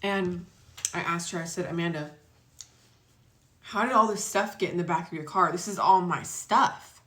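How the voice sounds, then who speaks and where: A young woman vlogger telling a story in a casual, animated way, acting out the quotes and swearing freely. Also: fairly low pitch, normal speed. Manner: chatty, animated retelling with acted quotes and swearing.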